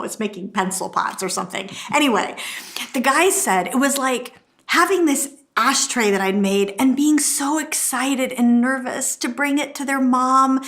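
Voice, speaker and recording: A middle-aged woman teaching a marriage course, telling stories and acting out quotes with a lively delivery. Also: fairly high pitch. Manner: lively storytelling, acts out quotes. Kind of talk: teaching talk to camera.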